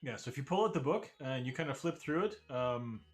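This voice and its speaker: A man in a mid-range voice guides players through a tabletop adventure as game master. He narrates scenes in an unhurried, descriptive way. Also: medium pitch, animated, faint music behind. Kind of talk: running an online tabletop game.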